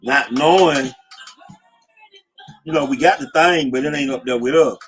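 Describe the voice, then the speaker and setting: A man's voice: mid-range voice, moderate pace, faint music behind. A middle-aged man casually telling old street stories, slangy, often saying "you know what I'm saying". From Atlanta, USA. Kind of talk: casual storytelling. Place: in a car.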